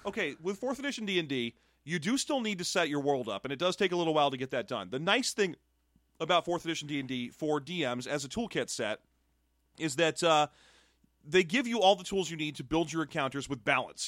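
A man co-hosting a casual podcast about tabletop games, reading out listener questions with quick, playful humor. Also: lively intonation, a bit bright, no room sound, studio quality. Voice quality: calls his voice a soothing baritone. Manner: quick, wry, playful delivery. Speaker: podcast co-host.

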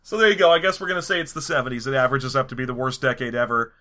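A man's voice: medium pitch, racing, pushed and bright. A man co-hosting a podcast in crude, joking, opinionated casual chat. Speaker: podcast co-host.

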